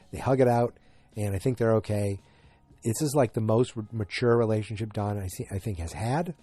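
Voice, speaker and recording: A man's voice: fairly low pitch, a little fast, warm tone, no room sound. A man hosting a podcast, chatting through an episode recap in a rambling way that flares into exasperation. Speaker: podcast host.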